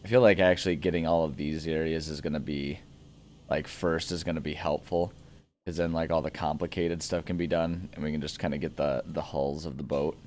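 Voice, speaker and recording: Rambling low-voiced young man. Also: fairly even intonation, brisk, a little mellow, slight background noise. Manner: rambling, chuckling, easily sidetracked. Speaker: gaming channel host. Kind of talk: casual let's-play commentary.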